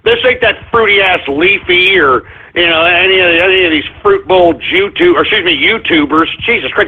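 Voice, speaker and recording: A man hosting a comedic call-in radio show, ranting frantically, swearing and shouting apologies over and over. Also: high-pitched, fairly quick, few pauses, breathy edge. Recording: tinny phone-like audio.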